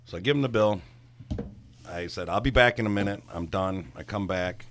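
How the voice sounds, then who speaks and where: Against a noisy background, a middle-aged ex-bartender with a low, gravelly voice tells a rambling, foul-mouthed story about his time behind the bar at a moderate pace. A guest in a casual conversation, he grows animated as he gets worked up.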